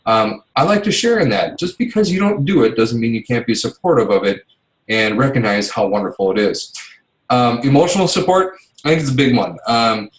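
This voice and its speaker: A man's voice: mid-range voice, expressive, fairly quick. A middle-aged man with an everyday mid-range voice chats casually, rambling with plenty of fillers and false starts. He acts out little back-and-forth exchanges as he goes. The room around him is roomy and echoey. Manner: rambling, chatty, many fillers and restarts, acts out quoted exchanges. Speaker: business coach's husband sharing tips. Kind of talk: casual talk to an online audience.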